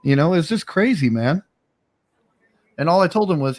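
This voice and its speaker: A man's voice: medium pitch, expressive, brisk. A man hosting a casual livestream chat, telling a story in a rambling, laid-back way with lots of fillers. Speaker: streamer host.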